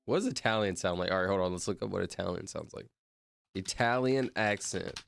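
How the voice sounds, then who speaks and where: A man's voice: deep voice, rapid-fire, gravelly, a little hiss or hum. A young man streaming, chatting casually in a rambling, slangy way and calling people bro. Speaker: streamer counting out loud. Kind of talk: casual livestream chat.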